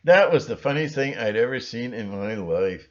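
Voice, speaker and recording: A man hosting his own channel, talking in a rambling, sarcastic monologue with sudden shrill outbursts. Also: expressive, normal speed, highs cut off. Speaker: channel host.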